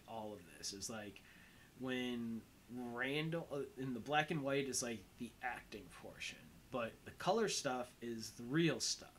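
A young man talks through a movie at an unhurried, drawn-out pace, in a middle-pitched voice. His delivery is loose and rambling, padded with "um" and "like," and a faint room ambience sits behind him. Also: a little hiss or hum, poor audio. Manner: rambling, heavy on fillers like "um" and "like". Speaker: movie commentary host. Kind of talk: casual film commentary.

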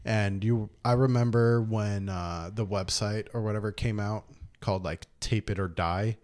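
Low-voiced man in rambling casual chat. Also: steady tone, normal speed, darkish tone. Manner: loose and rambling, full of "like"s. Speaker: podcast host.

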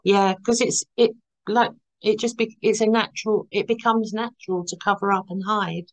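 A woman hosting a podcast, chatting casually and warmly agreeing with her guest, often ending points with "isn't it?". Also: mid-range voice, steady tone, normal speed, low-quality recording. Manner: warm, agreeing, ends points with tag questions. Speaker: podcast host. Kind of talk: casual conversation.

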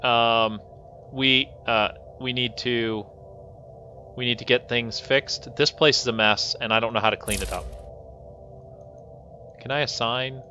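A man streams a game and vents at his colonists, his voice bright and edgy. He swings between muttering and loud exasperated bursts. A faint hiss sits under his voice. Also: mid-range voice, steady tone, a little slow, pauses often, dull audio. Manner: exasperated, scolding his colonists, frequent outbursts. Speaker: gaming host. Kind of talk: live game commentary.

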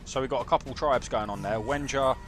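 A young British man doing excitable, jokey live gameplay commentary and chatting with his viewers. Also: medium pitch, quick pace, over music. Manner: excitable banter with chat, jokey. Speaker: game streamer.

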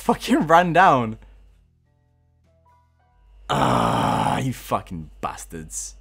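A young man giving casual gameplay commentary, frustrated, swearing a lot and laughing at himself. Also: mid-range voice.

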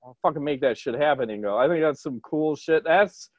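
A man hosting a casual podcast, excitable and quick to swear, full of jokes. His voice sits a little high for a man and comes across dry and close, with little room sound. He talks over a video call. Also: dry recording, muffled recording. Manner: profane, excitable, jokey. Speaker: podcast host.

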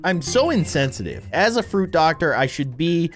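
Young guy goofing around over a game, voice bouncing all over, fairly high, faint game music behind. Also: very animated, normal speed. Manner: playful, jokey, swings between loud exclamations and low asides. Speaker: gaming YouTuber. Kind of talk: comedic gameplay commentary.

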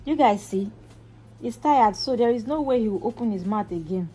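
A woman's voice: on the high side, animated, normal speed, warm tone, husky, faint music behind, poor audio. A young mother chatting in a casual home vlog, switching between cooing baby talk and asides to her viewers. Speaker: vlogger and mother.

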